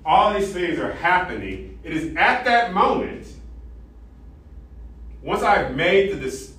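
A man lecturing an ethics class, animated and interactive, quizzing students and tagging sentences with "right?". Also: on the high side, far from the mic, slight background noise. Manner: animated, asks the class questions, frequent "right?". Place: large echoey classroom. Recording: echoey classroom recorded from afar.

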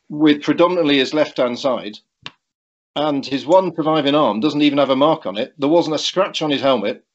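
A middle-aged man telling a story in a conversational way, hesitant and full of restarts, often chuckling. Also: on the high side. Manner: halting, with frequent restarts and chuckles. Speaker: guest recounting a cycling accident. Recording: dull lo-fi recording.

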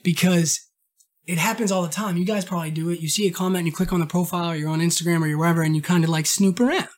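Animated rambling man from Maine. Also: a little high, very fast. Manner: rambling, animated, swears, acts out quotes in a raised voice. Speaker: podcast host. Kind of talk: casual monologue.

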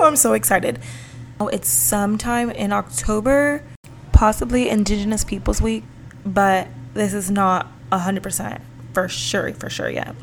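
A woman's voice: fairly high pitch, gravelly, slight background noise. Chatty upbeat young woman podcaster. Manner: chatty and upbeat, with slangy asides. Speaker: podcast host. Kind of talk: casual solo podcast chat.

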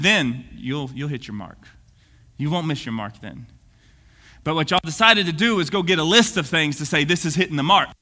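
A man preaching an energetic sermon, swinging from booming to hushed. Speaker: pastor. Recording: long reverb of a church hall.

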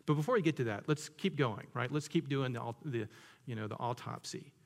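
A man's voice: mid-range voice, a little fast, gravelly, long reverb tail. A man preaching a sermon in a conversational, joking way, asking his listeners questions. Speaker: pastor.

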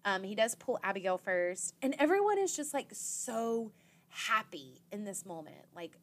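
A young woman hosting a podcast recaps an episode in a chatty, casual way, packing her talk with "like" and acted-out quotes of people's reactions. Her voice sits mid-range with big pitch swings, and she speaks at a moderate pace.

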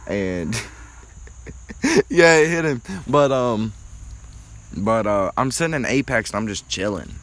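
A man's voice: medium pitch, lively intonation, takes it slowly, long pauses, fairly bright tone. A young adult man hosting a podcast, easygoing in casual chat. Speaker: podcast host.

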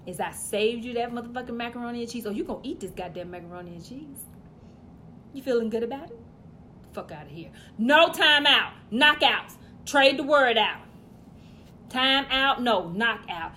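A woman delivering a profane comedic rant, loud and blunt, swinging between shouting and muttering asides. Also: fairly high pitch, a little hiss or hum.

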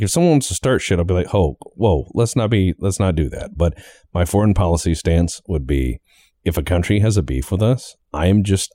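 Deep lively-voiced man chatting. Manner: animated, acts out little quoted bits. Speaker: podcast host. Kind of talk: casual chat.

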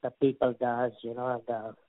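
A man's voice: mid-range voice, level tone, normal speed, no room sound. An older man from India with an Indian accent, a guest actor telling rambling anecdotes full of stammered restarts. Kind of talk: casual interview storytelling. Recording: dry tinny phone-like line.

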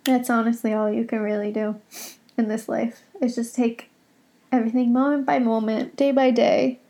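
A woman's voice: a little high, level tone, moderate pace, dark tone. A young woman hosting a solo podcast from home, talking in a rambling, emotional, confessional way. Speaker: podcast host.

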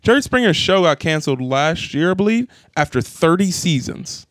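Young male co-host, upbeat and jokey, a touch high-pitched, recorded dry. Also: no echo. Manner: animated, joking, quick asides. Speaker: podcast co-host. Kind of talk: casual chat.

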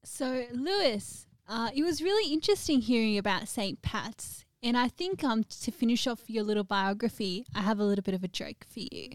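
A woman's voice: fairly high pitch, lively intonation, normal speed, few pauses, no echo. A young woman hosting in a light, playful way, introducing a guest and joking. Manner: playful, light, tells a knock-knock joke. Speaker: host. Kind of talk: casual chat.

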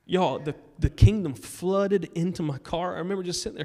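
Guy pastor preaching a sermon, kinda high voice, goes big and loud then drops real quiet telling his story. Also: fairly quick, hardly any pauses, slight background noise. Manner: storytelling preacher, swings from loud urging to hushed. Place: church sanctuary.

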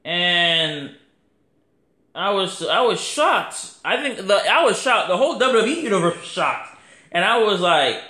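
A man hosting a podcast, talking in a casual, rambling monologue that is animated and full of swearing. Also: high voice, a little slow. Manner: animated, profane, rambling, acts out quotes. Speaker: podcast host. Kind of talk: casual wrestling review monologue. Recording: echoey room.

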